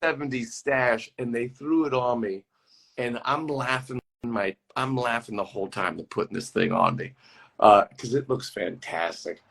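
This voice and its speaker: A man with a husky, slightly breathy voice, speaking at an ordinary pitch. He is a guest actor in a relaxed video-call interview. He spins rambling, animated stories and laughs easily along the way. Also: moderate pace. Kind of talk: casual interview chat.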